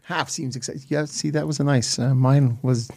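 A man's voice: medium pitch, fairly even intonation, normal speed, gravelly, warm tone, slight background noise. A man co-hosting a casual beer podcast, wry and joking, poking fun at himself. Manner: wry, joking, self-deprecating. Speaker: podcast co-host. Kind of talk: casual beer-tasting chat.

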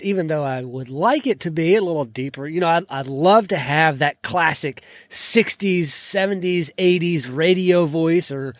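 A man's voice: no room sound, clean studio sound. A man hosting a podcast, casually walking through his recording apps in a tutorial and trailing off at the ends of sentences. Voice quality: not a deep voice. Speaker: podcast host. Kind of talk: casual screen-share tutorial. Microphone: desk microphone.

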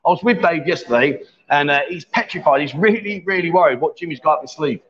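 Broadcasting from a bar in Pattaya, a loud, high-voiced man in his fifties hosts a casual livestream chat, talking fast and trading jokes and banter. The audio is dull and lo-fi.

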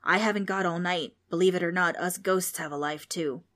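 A woman's voice: on the low side, fairly even intonation, moderate pace, a bit bright, lightly acted. A woman voicing a brash, boastful ghost with a folksy, mocking way of talking. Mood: impatient.

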